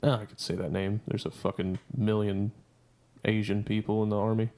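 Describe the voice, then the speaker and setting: Low-voiced profane man telling a story. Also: flat delivery, normal speed, warm tone, slight background noise. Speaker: podcast co-host. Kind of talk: casual storytelling chat.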